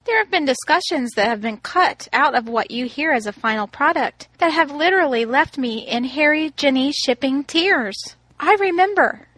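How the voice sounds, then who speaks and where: A woman's voice: sits high, lively intonation, moderate pace, hardly any pauses, a bit bright, no echo. A woman co-hosting a podcast, talking emphatically and teasing in casual chat. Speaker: podcast co-host.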